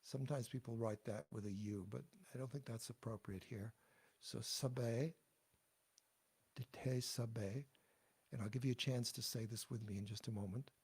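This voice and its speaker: A man giving a patient pronunciation lesson over a video call, talking in a halting way with many fillers and restarts. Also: fairly low pitch, fairly even intonation, a little mellow, breathy edge. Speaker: teacher.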